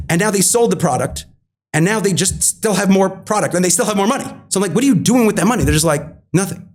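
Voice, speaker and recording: A man in his thirties telling a story as a guest in an interview. He acts out past conversations and repeats phrases for emphasis. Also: high-pitched.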